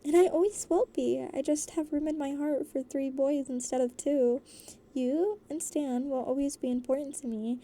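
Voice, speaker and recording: Cheerful teasing young woman in a storybook, read by a woman, warm and fairly high. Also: steady tone, moderate pace. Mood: playful.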